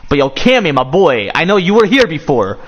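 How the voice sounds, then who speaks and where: A man talking loosely to his chat during a live stream, rambling and circling back with restarts and fillers. His voice sits a little high for a man, and the audio comes through muffled and lo-fi. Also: sing-song, fairly quick, fairly bright tone.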